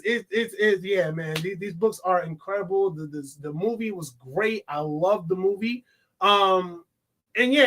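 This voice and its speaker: A man reviewing a movie in a casual, excitable vlog, swearing and laughing often. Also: sits high.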